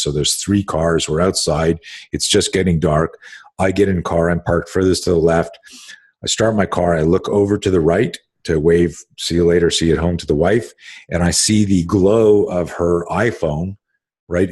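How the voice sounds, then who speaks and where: A man's voice: sits low, a little mellow, breathy edge. A middle-aged man, a self-defense instructor, telling a story on a podcast in an intense, blunt way, swearing freely and restarting sentences.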